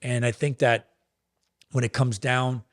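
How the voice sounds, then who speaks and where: A man's voice: medium pitch, flat delivery, measured pace. A middle-aged man talking in an earnest, coaching way, sometimes acting out both sides of a conversation. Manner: earnest, coaching tone, acts out dialogue. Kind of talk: podcast conversation on relationships.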